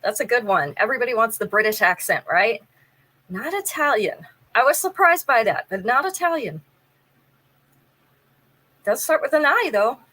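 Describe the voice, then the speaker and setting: A woman's voice: fairly high pitch, sing-song, normal speed, long pauses, pushed and bright, rough recording. A woman hosting a live jewelry sale, chatting casually, describing pieces in detail and running a trivia game with viewers.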